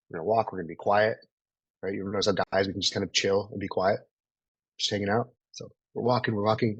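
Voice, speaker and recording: A man's voice: lowish voice, fairly even intonation, fast, a bit bright, slightly rough, dry recording, highs cut off. A man in his thirties coaching a group in a live online training, casual and profane, always checking in with "right?". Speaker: sales coach.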